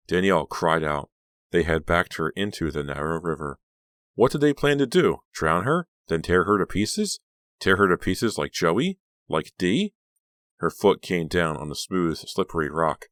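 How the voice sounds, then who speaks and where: A deep-voiced man narrates an audiobook in a steady, measured storytelling style from a script. The recording is dry and studio quality.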